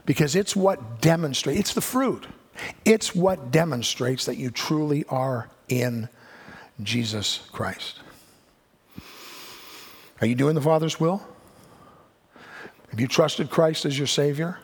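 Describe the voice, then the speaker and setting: A man's voice: on the high side, slow, pauses often, breathy edge. A man preaching a sermon as pastor, swelling to emphatic peaks and acting out the voices of doubting listeners.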